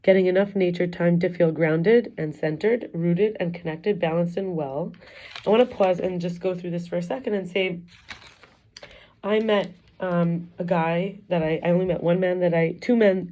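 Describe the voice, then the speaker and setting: A middle-aged woman speaking in a low, mellow voice, candid and confessional as she reflects on her year. Her talk rambles and restarts in a personal vlog way. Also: normal speed, highs cut off. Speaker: wellness coach and teacher.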